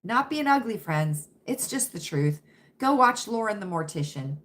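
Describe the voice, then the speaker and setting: A woman's voice: medium pitch, big pitch swings, normal speed, fairly bright tone. An American woman hosting a casual livestream chat, talking dramatically to her viewers and calling them friends. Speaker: livestream host.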